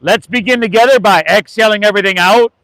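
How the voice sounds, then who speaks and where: A man with an American accent leading a live outdoor yoga class, relaxed and encouraging, calling the students "y'all". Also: high-pitched, fast, no echo, poor audio. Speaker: yoga instructor.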